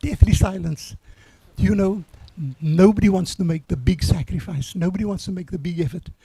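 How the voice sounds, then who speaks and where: An older man, hoarse from years of choir singing, giving an earnest, halting eulogy for his granddaughter at a memorial service. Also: sits high, mellow, no room sound.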